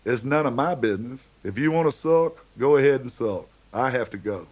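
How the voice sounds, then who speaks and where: A man's voice: medium pitch, animated, moderate pace, darkish tone, muffled recording, natural voice. Male narrator as a teasing small-town buddy, chuckling and coaxing. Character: friendly easygoing small-town man, teasing.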